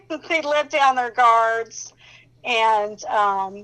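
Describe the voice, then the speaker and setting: A fairly high-voiced woman tells her faith testimonies with lively emphasis. She laughs often between phrases and keeps turning to the listener with quick check-ins. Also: clean tone, rough recording. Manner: animated, emphatic, laughs often while talking; addresses listener directly with "okay?" and "you know".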